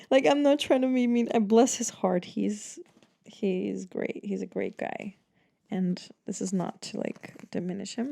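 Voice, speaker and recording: A woman's voice: medium pitch, creaky, dark tone. A young woman from the Netherlands hosting a solo podcast, chatting casually and rambling with lots of "like" and frequent laughter. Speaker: podcast host.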